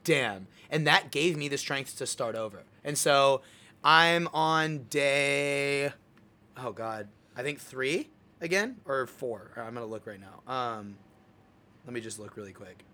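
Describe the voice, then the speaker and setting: A young man hosting a casual chat, telling a story in an animated way and acting out his own words. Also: mid-range voice, a little slow. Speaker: podcast host.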